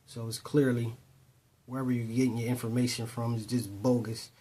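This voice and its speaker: Brief: man, mid-pitched voice, conversational storyteller, voices the other people in his stories. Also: level tone, fairly quick, dark tone. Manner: conversational, retells dialogue in voices, repeats "boom". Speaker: storyteller addressing youth. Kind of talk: casual spoken storytelling.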